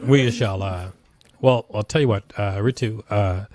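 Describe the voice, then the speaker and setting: A man hosting a live-streamed talent show over a video call, halting with many fillers and dry jokes. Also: on the low side, a little mellow, no room sound.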